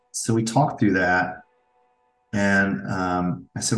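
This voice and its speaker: A man's voice: low voice, fairly even intonation, takes it slowly, pauses often, fairly bright tone. A middle-aged man, a father, talking earnestly as a podcast guest and telling stories from family life. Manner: earnest, storytelling, with restarts. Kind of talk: reflective interview talk. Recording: roomy echo.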